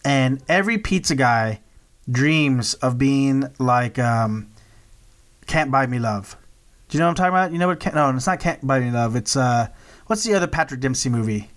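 A man's voice: mid-range voice, animated, normal speed. Joking, rambling male podcast co-host. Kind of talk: casual podcast chat.

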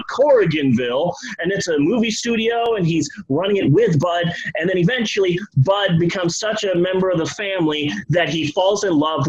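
A man's voice: fairly high pitch, breathy edge, dull audio. A man casually telling a comic history story, loose and profane, slipping into the voices of the people in it.

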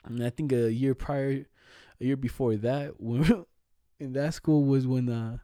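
A man's voice: mid-range voice, steady tone, a little slow, dark tone, dry recording, clean studio sound. A young man in casual chat, telling school stories in slangy, profane talk and laughing often.

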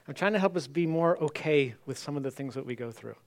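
A man's voice: on the high side, animated, fast talker. A man preaching a sermon, reading scripture aloud and repeating key lines earnestly. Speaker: pastor.

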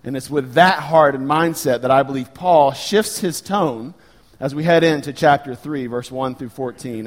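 A man in his thirties preaching a sermon as pastor, earnest and animated when he tells stories. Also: mid-range voice, normal speed.

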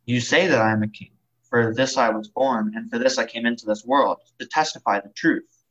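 Jesus, a calm teacher, read by a man. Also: mid-range voice, brisk, close to an everyday voice. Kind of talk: dramatized scripture reading. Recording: dull lo-fi recording.

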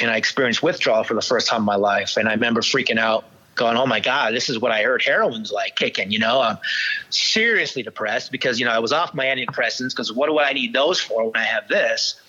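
In dull, lo-fi audio, a man speaks candidly about his past during an interview. He keeps stopping, restarting, and using fillers, though his mid-range voice comes across as bright and forceful.

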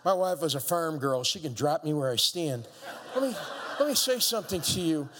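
A man preaching a sermon, acting out biblical voices and building up to shouts with playful asides. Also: on the high side, expressive, normal speed, noisy background. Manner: acts out voices of biblical figures. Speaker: pastor. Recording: long hall reverb.

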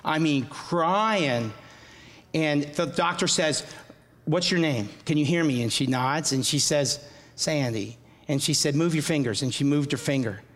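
A man giving an earnest personal faith testimony, halting and often repeating his words. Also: on the high side, fairly bright tone, in a large hall.

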